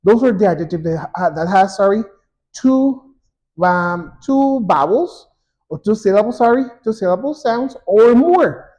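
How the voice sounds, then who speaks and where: A man teaching an English grammar lesson, saying example words twice, slowly and clearly. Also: high voice, expressive, darkish tone. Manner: slow and repetitive, drawing out example words.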